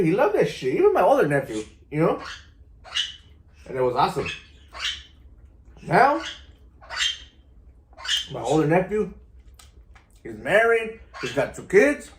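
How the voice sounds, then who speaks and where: Man, middle-aged, casual storytelling, slangy, slightly high voice, echoey room. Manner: laid-back, slangy, keeps saying "you know" and "vato". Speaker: vlogger.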